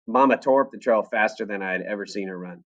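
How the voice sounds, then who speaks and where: A man's voice: lowish voice, fast. A man reading a novel aloud to his class, telling the story expressively and with feeling. He sits in a classroom, and the recording sounds a little dull and muffled. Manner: expressive storytelling with lively voices.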